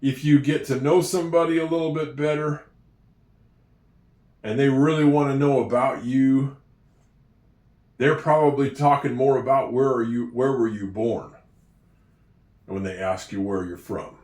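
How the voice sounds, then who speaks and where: A man from Oregon teaching English in a relaxed, chatty way, with fillers and light laughs. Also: mid-range voice, normal speed, long pauses. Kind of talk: casual teaching talk. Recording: echoey room.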